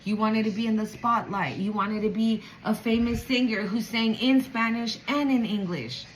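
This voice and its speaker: A woman giving a channeled spiritual reading to viewers, emotional and animated, swearing casually. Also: on the high side, normal speed, a little hiss or hum, poor audio. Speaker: spiritual reader.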